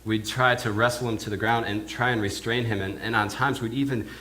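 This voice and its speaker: A man's voice: fairly low pitch, steady tone, fairly quick, bright, forceful tone, a little hiss or hum. A male minister preaching in character as an awed village pig herder, telling his story in the first person with hesitant, often repeated words. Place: church.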